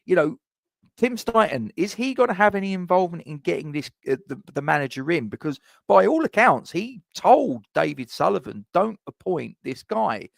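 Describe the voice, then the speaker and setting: A man's voice: high voice, big pitch swings, a little fast, gravelly, no room sound. Chatty man, fan stream host. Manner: chatty, rambling, many restarts and asides. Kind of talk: casual live-stream commentary.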